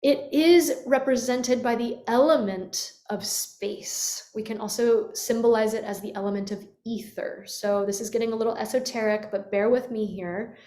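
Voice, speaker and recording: A woman's voice: fairly high pitch, steady tone, moderate pace, hardly any pauses, warm tone. A woman voice teacher leading a guided vocal lesson, showing the sounds as she explains them with yawns and sighs. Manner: demonstrative, swoops into yawns and sighs. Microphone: webcam. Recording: echoey room.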